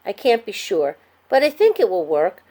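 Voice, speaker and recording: A woman's voice: medium pitch, huge pitch swings, normal speed, dark tone. A woman voicing a plucky young girl who talks earnestly and insistently in a storybook reading. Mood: explaining.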